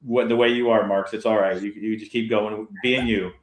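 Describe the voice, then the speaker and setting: Brief: laid-back West Coast dad, lowish voice, roomy sound, teasing guest. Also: male voice, steady tone, moderate pace. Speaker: guest, player's father. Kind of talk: casual chat.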